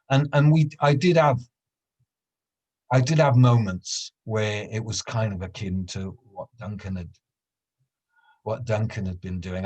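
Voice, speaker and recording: A storyteller, a man, tells anecdotes in relaxed conversation, stumbling and restarting as he goes. His voice is on the low side with a husky edge. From Wales. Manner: halting, with frequent restarts and repeated words. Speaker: professional storyteller. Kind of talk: casual conversation, recounting anecdotes.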